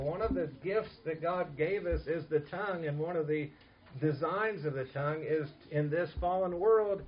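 Male pastor, earnest emphatic sermon, fairly high voice, dull lo-fi sound. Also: slight background noise. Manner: earnest, emphatic preaching with soft asides.

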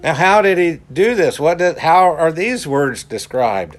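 A man preaching a sermon in a deliberate way, stressing his points by repeating key words. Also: on the high side, expressive. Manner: slow, deliberate, emphatic repetition.

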